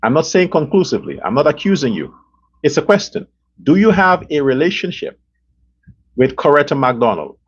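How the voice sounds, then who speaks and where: A man with a high, husky voice rants in a heated, profane and repetitive way. He hosts a political commentary show. The recording sounds dull and lo-fi. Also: big pitch swings, moderate pace. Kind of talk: angry political rant.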